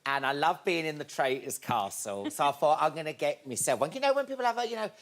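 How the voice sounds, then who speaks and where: A man's voice: fairly high pitch, animated, quick pace, a bit bright. A middle-aged man, a talk show guest, telling gossipy anecdotes in a camp, giggly way. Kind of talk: chatty anecdotes.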